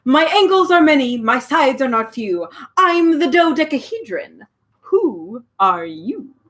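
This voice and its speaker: This is a prim, many-faced geometric man who insists everything be precise, put on by a woman reading aloud. He declaims pompously in a lively, rising voice. It suits a children's storybook. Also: a little high, normal speed.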